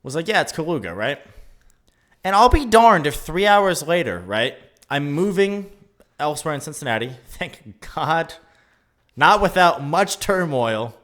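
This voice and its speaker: A man co-hosting a casual podcast chat, talking in an animated, ranting way and laughing often. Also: fairly high pitch, unhurried. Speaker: podcast co-host.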